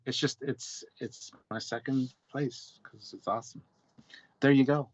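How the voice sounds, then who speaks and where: A man's voice: mid-range voice, fairly even intonation, measured pace, slight background noise. Rambling man on a dull lo-fi stream. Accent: British. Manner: rambling, repeats words while searching. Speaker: co-host. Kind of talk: casual live-stream film discussion.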